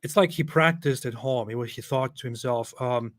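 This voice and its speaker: Male streamer, sarcastic reaction commentary, mid-pitched voice, loud jabs then mumbles. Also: moderate pace, few pauses, no room sound. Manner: sarcastic, mocking, swings between loud and muttered asides.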